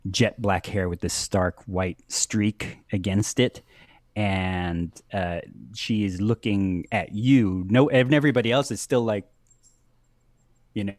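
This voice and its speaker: A man narrating as game master of a tabletop game, halting with many pauses and fillers. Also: fairly low pitch, no room sound. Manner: halting, many ums and uhs, laughs often.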